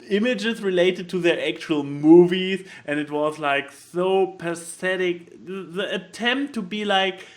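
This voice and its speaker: A man co-hosting a casual podcast, talking in an animated, rambling way and laughing often. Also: high voice. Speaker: podcast co-host. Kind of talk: casual chat.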